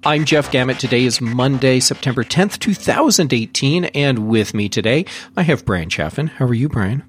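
A man hosting a casual tech podcast, teasing his co-hosts in an animated way. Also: medium pitch, normal speed, soft background music. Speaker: podcast host.

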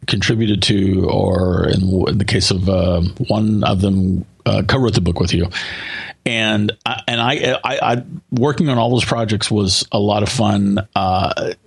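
Host, male, husky gravelly voice, talks slowly with lots of fillers. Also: on the low side, fairly even intonation. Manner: hesitant, drawn-out praise with many fillers. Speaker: podcast host. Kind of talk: casual podcast chat.

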